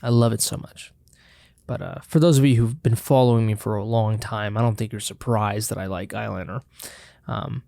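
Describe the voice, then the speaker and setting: Gravelly-voiced man chatting casually. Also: mid-range voice, warm tone, no echo, clean studio sound. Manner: loose, profane, joking, chews and sucks chocolate on mic. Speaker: podcast host. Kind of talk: casual solo podcast chat with eating sounds.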